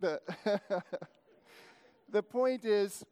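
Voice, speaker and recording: Rambling male preacher, self-correcting, slightly high voice, hall reverb. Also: drawn-out words, warm tone, clean tone. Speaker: pastor. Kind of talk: sermon.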